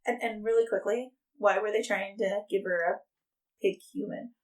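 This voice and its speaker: A woman co-hosting a podcast, telling a story in casual, animated chat and swearing freely. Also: mid-range voice. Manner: animated, swearing, quick banter. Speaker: podcast co-host.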